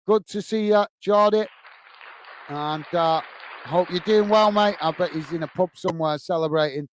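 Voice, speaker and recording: A man hosting a casual live stream, reading out viewers' chat messages and thanking each by name, calling everyone mate and filling pauses with uhs. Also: high-pitched, smooth, no echo. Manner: friendly, calls everyone mate, many filler uhs.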